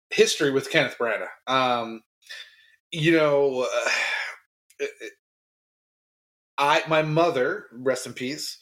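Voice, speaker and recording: A man's voice: medium pitch, a bit bright. A man co-hosting a movie podcast, talking casually in a hesitant way, with many fillers and restarts. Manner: hesitant, full of fillers and self-conscious laughs. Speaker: podcast co-host. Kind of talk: casual chat.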